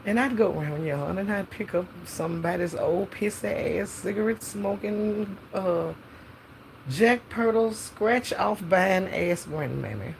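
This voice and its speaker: A woman's voice: mid-range voice, measured pace, creaky, a little hiss or hum, rough recording. A middle-aged woman, freestyling a profane, sassy comic story with frequent laughter. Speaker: podcast host telling a story in character.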